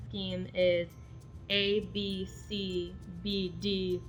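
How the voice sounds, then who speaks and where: A woman's voice: mid-range voice, normal speed, lo-fi sound, faint music behind. Chatty young woman explaining poetry. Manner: chatty, explains terms then reads examples aloud. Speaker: poetry video host. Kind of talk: casual educational explainer.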